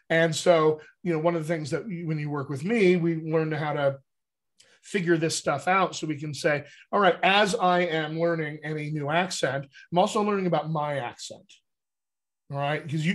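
An American man coaching actors on accents, speaking in a fairly high voice. He explains his points over a video call and keeps checking that the listeners follow him. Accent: General American. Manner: animated teaching, frequent "all right?" check-ins. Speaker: dialect coach. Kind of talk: casual video call chat.

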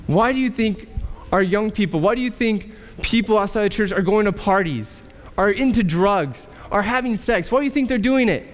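A male pastor preaching a sermon in a church, asking rhetorical questions and pausing for effect. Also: high voice, animated. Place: church sanctuary. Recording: church hall reverb.

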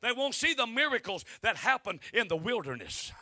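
A man preaching a revival sermon in a church, who climbs to shouting and calls for responses from the congregation. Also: very high voice, very animated, moderate pace, no room sound. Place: church sanctuary.

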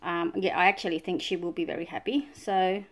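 Speaking a little fast in a lowish, steady voice, this Australian scrapbooking vlogger chats casually while opening her new supplies. Her talk overflows with gushing, breathy cries of delight.

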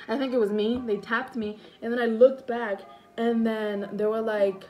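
Young woman vlogging, rambly story time, says like a lot, some swearing, quiet music behind. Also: a little high, level tone, moderate pace. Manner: rambling, lots of "like", swears freely.

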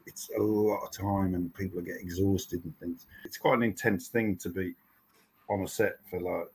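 A man's voice: deep voice, fairly even intonation, moderate pace, husky, poor audio. A man in his sixties, a TV writer and show creator, talking as a guest in a casual podcast interview, telling stories with many restarts. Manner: rambling storytelling with many restarts.

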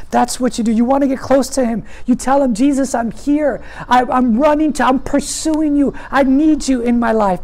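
A man's voice: very high voice, warm tone. A man preaching a sermon as pastor, earnest and emphatic, repeating his points for weight.

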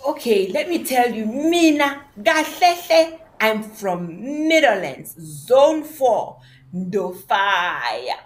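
A woman with a South African accent playing a proud, nostalgic young man turned into a dog, talking lively with township slang. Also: a little high, takes it slowly. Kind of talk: audio drama acting.

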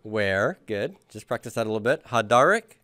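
Speaking fairly quickly in a lowish, slightly bright voice, a Hebrew grammar teacher drills his students patiently and has them repeat after him. The lecture includes questions and carries no room sound.

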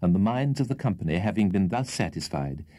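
A man reading a classic children's audiobook aloud in an expressive, theatrical narration. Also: low-pitched, brisk, no room sound. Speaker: audiobook reader. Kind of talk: scripted storybook narration.

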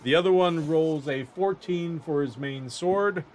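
A man acting as game master, calmly narrating and ruling on dice rolls. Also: on the high side, measured pace, slight background noise. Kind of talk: running a tabletop game.

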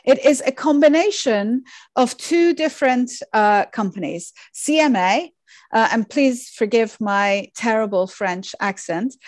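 A woman giving an academic lecture over slides, measured and thoughtful, with frequent fillers and self-corrections. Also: a little high, no echo. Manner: measured, many fillers and restarts.

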